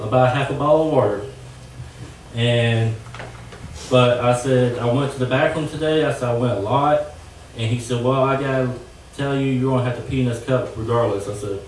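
Halting young man testifying in church. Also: mid-range voice, slight background noise. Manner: halting, earnest, with fillers. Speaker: church member giving testimony. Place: church sanctuary. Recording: echoey church from far off.

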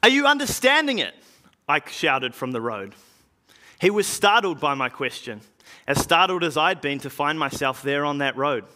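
A man's voice: fairly high pitch, animated, sharp tone. A man playing an early Christian evangelist, telling his story in a dramatic first-person monologue for a church drama. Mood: earnest. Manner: earnest storytelling with slow, weighty pauses.

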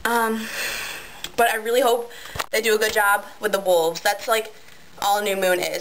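A teenage girl chatting excitedly on a webcam vlog, giggly and filling her talk with um and like. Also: medium pitch, moderate pace, pauses often, a little hiss or hum, rough recording. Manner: bubbly, giggly, many ums and likes. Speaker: vlogger. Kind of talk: excited casual vlog chat.

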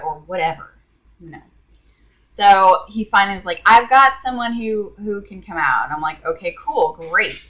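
A woman's voice: mid-range voice, animated, unhurried, fairly bright tone. A woman vlogger telling an exasperated, sarcastic story to her viewers in a casual rant. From Indiana.

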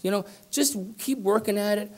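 A man's voice: high voice, moderate pace. A middle-aged man telling a rambling, self-deprecating story to a live audience, peppering it with "right?" and "you know". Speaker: business speaker. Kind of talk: storytelling keynote speech. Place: conference room with live audience.

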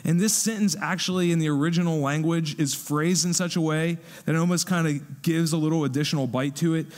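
A male pastor giving a sermon in a conversational, animated way. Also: a little high, a little fast. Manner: conversational, animated when acting out quotes.

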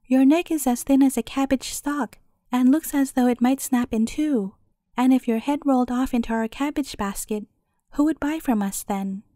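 A woman's voice: sits high, moderate pace, mellow, dry recording, clean studio sound, natural voice. A woman voicing a spirited young boy in a storybook who calls out his wares and speaks his mind. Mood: worried. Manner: calling out wares, outspoken. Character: spirited young boy, bold market seller.

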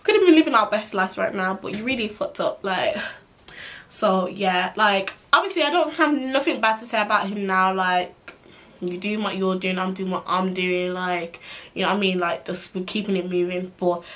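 A young woman telling a storytime vlog in an exasperated, slangy, fast way. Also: medium pitch, a bit bright. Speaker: vlogger.

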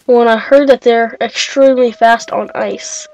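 A young woman giving excitable, chatty let's-play commentary, talking to herself and shrieking when startled. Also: fairly high pitch, normal speed, no room sound, low-quality recording. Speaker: gaming video creator.

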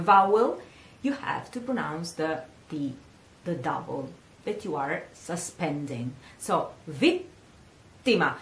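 A woman with an Italian accent, a singing teacher, giving a patient pronunciation lesson and repeating words slowly. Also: lowish voice, fairly bright tone. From Italy. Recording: echoey room.

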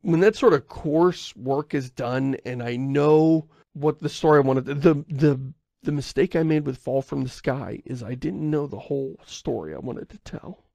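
A man with a gravelly, fry-edged voice chats loosely as a podcast co-host. He rambles, doubles back to fix himself and chuckles between thoughts. The sound is close and dry. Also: mid-range voice, normal speed, darkish tone, no echo. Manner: rambling, self-correcting, chuckles often. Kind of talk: casual podcast chat.

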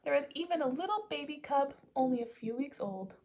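A woman teacher reading a children's picture book aloud in an expressive way. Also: high voice, brisk. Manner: expressive, animated.

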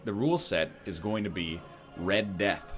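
A man's voice: deep voice, measured pace, soft background music. A man joking and thinking aloud as he plays a strategy game, giving casual gameplay commentary. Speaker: gaming streamer.

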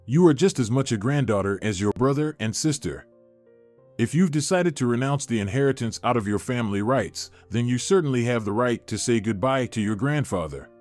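A man voicing a kind older woman caregiver who gives gentle but confident advice, in a plain storybook reading. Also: mid-range voice, expressive, brisk, soft background music, close to an everyday voice. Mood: caring.

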